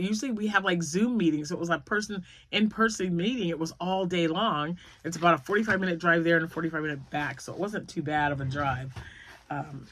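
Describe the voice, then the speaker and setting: A woman's voice: fairly low pitch, fairly bright tone, a little hiss or hum. A woman in her fifties, a grandmother, chatting casually to her viewers in a rambling, storytelling way. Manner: rambling, storytelling, laughs often. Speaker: crochet vlogger.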